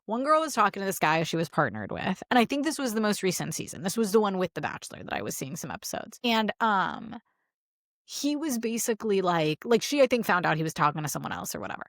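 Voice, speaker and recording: A woman's voice: medium pitch, very animated, fast talker, fairly bright tone, dry recording, clean studio sound. A woman in her thirties co-hosting a podcast, chatting casually with lots of fillers and acting out quoted dialogue. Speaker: podcast co-host. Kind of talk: casual chat.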